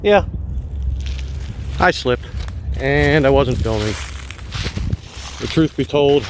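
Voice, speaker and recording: A man vlogging while he walks wooded park trails, thinking aloud in a relaxed way with frequent pauses, filmed on a phone held on a gimbal. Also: medium pitch, slight background noise. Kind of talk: casual walking narration.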